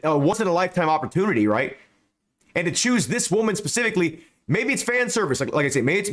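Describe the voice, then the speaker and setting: A man's voice: sits high, a bit bright. A man giving casual, rambling commentary over gameplay, often stammering and repeating words, and swearing now and then. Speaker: gaming YouTuber.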